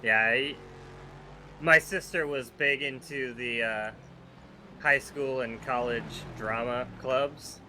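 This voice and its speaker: A man streaming a sim endurance race, chatting casually with teammates, blunt and quick to swear. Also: mid-range voice, steady tone, sharp tone, slight background noise. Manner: blunt, swears freely, laughs often. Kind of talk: casual chat while sim racing.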